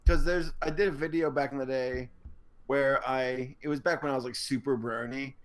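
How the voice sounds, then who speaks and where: A man's voice: mid-range voice, fairly even intonation, moderate pace. A young man from Georgia in the US, co-hosting a podcast and telling rambling, self-mocking stories. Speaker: podcast co-host. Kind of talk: casual chat.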